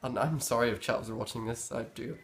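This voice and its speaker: A man's voice: medium pitch, fairly even intonation, fairly quick, gravelly, a little hiss or hum. A young man with a Northern Irish accent, explaining local slang in a rambling, easygoing way as he searches for words. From Northern Ireland. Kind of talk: casual explanation.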